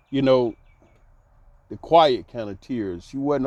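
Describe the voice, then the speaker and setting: A man's voice: slow, long pauses, dry recording, lo-fi sound. Laughing man telling a story. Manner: laughs often while telling, drops to soft low tones; conversational, repeats words for emphasis. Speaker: host. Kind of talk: casual storytelling monologue.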